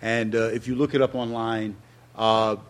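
A man, telling a personal story in an interview and acting out quotes in loud, high bursts. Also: flat delivery, moderate pace, smooth. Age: 60s. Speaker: interview guest.

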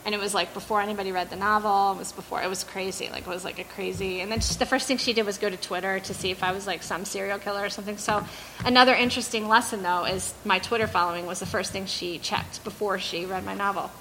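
A woman talks frankly and chattily to a bookstore audience about her first novel. Her voice is bright and crisp, at a mid pitch. She fills her speech with "like" and "you know". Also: steady tone, fast talker, slight background noise, rough recording. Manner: chatty, frank, with many fillers. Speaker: debut novelist. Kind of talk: candid talk at a book event. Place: bookstore event before an audience.

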